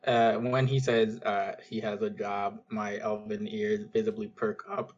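A man takes his turn in a tabletop game, speaking hesitantly and rambling through his words. His voice is low and flat. The recording sounds dull and lo-fi. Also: unhurried, a little hiss or hum. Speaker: player. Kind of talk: tabletop role-play.

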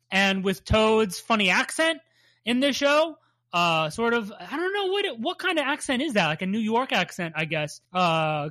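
A woman's voice: medium pitch, no echo. A woman co-hosting a podcast, recapping a cartoon episode in casual chat, swearing often and laughing. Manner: swears a lot, animated and laughing. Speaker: podcast co-host.

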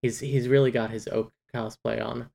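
Podcast cohost rambling thru a book recap, gravelly fry in the voice. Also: mid-range voice, moderate pace. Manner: rambling, excited recaps with many fillers. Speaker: podcast co-host. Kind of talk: casual book discussion.

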